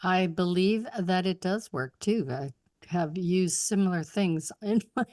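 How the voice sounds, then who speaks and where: A woman's voice: fairly low pitch, measured pace, a little mellow, dry recording. Podcast host woman, dry close sound. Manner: brief supportive backchannels with frequent laughter. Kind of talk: podcast interview.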